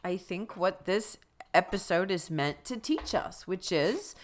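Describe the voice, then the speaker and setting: A woman's voice: on the low side, animated, a little slow, a little hiss or hum. A woman co-hosting a podcast, recapping a TV episode with sarcastic, incredulous commentary. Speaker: podcast co-host. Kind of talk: casual chat recapping a TV episode.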